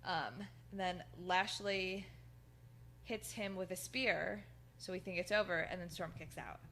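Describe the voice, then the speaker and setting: A woman's voice: lowish voice, steady tone, measured pace, fairly bright tone. Rambling woman recapping wrestling. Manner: rambling, lots of fillers, laughs through quotes. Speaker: podcast co-host. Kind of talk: casual chat recapping wrestling.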